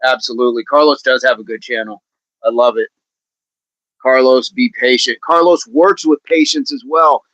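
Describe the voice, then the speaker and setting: A man's voice: mid-range voice, fairly even intonation, moderate pace, a bit bright, dry recording, dull audio. A man hosting a casual fitness livestream, chatting with viewers in a rambling way and laughing often.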